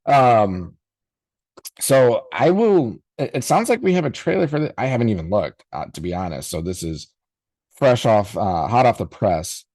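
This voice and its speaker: A man's voice: on the low side, very animated, normal speed, darkish tone, dry recording. A man in his forties hosting a podcast, reacting casually in a rambling, nostalgic way with many fillers and restarts. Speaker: podcast host.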